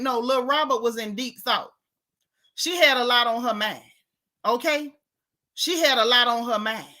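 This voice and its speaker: A woman, hosting a casual gossip recap of a reality show, sassy and animated, reading chat comments aloud. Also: on the high side.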